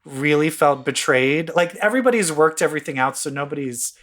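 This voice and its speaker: A man co-hosting a podcast, recounting gossip in an animated casual chat, acting out quotes and swearing freely. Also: fairly high pitch, a little fast. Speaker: podcast co-host.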